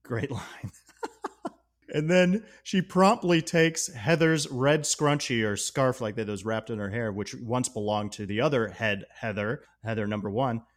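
A man's voice: medium pitch, unhurried. A man co-hosting a podcast, talking casually and enthusiastically about a movie, laughing often. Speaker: podcast co-host. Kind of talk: casual film discussion.

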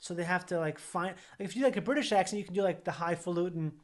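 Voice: medium pitch, rapid-fire. Podcast cohost rambling along, lots of likes and ums, swears casually. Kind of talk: casual chat.

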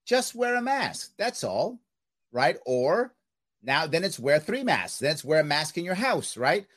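This podcast host has a somewhat high voice and an unhurried delivery. During the interview he talks casually but with firm, animated opinions, often tossing in "right?"

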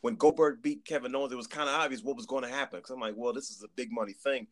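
A man chatting on a podcast, telling an animated story, acting out quotes and repeating words as he goes. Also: medium pitch, very fast. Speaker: podcast guest. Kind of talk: casual chat.

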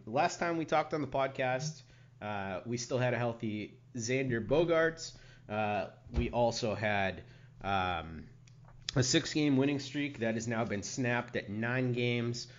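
A man's voice: medium pitch, lively intonation, unhurried. A man hosting a casual sports podcast, rambling with many fillers. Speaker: podcast host. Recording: dull lo-fi podcast audio.

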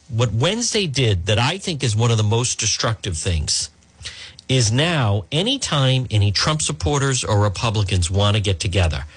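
A man with a slightly husky voice hosts a talk radio show. He speaks in an emphatic, conversational way, with pitch that swings up and down and frequent fillers and restarts. The sound is dry and close, with no room around it. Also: no echo. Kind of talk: opinionated talk radio commentary.

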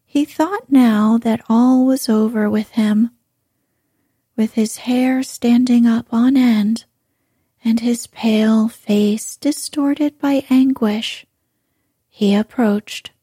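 Slow whispering woman storyteller. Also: fairly high pitch, fairly even intonation, breathy edge, no room sound, clean studio sound. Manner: soft, measured narration. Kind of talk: whispered role-play.

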